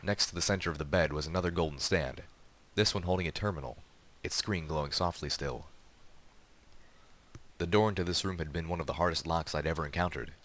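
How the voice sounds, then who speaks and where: Deep-voiced man reading a story. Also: brisk, a bit bright. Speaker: reader. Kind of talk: reading a fan story aloud.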